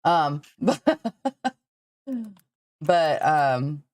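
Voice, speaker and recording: A woman's voice: low-pitched, steady tone, drawn-out words, a little mellow, smooth, no echo. A woman with a Southern accent hosting a podcast livestream, rambling casually, swearing freely and laughing often. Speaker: podcast host.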